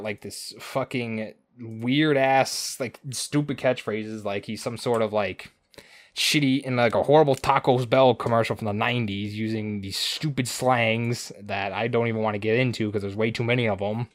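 A man's voice: medium pitch, fairly even intonation, moderate pace, dry recording, clean studio sound. A man co-hosting a podcast, recapping an episode in a rambling, crude way full of swearing and asides. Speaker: podcast co-host.

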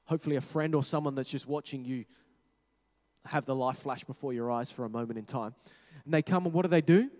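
Pastor preaching in an echoing hall. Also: male voice, fairly quick. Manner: conversational, self-correcting, drops to soft low tones for emphasis. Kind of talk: sermon. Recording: long hall reverb.

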